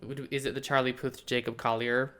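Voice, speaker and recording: A man's voice: mid-range voice, little pitch movement, fairly quick, fairly bright tone, smooth. Rambling jokey man on a podcast. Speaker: podcast co-host. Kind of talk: casual album-review chat.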